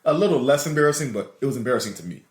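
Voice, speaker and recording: A man's voice: medium pitch, rapid-fire, echoey room. A man with a New Orleans accent, co-hosting a podcast and telling laughing stories about his school days. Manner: laughing, animated storyteller. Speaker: podcast co-host. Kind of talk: casual storytelling chat.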